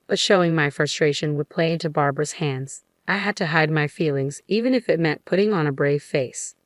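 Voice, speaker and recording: A woman reads a first-person story in a steady, matter-of-fact way. Her voice is low, and the recording is dry and close with no room sound. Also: a little fast, no room sound. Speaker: story narrator. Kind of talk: scripted first-person narration.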